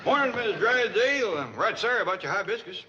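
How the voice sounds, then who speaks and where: An actor playing a mild, easygoing middle-aged hillbilly with a slow, folksy drawl, in a 1960s sitcom. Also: male voice, high voice, lively intonation, over a noisy crowd. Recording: dull old TV audio with faint hiss.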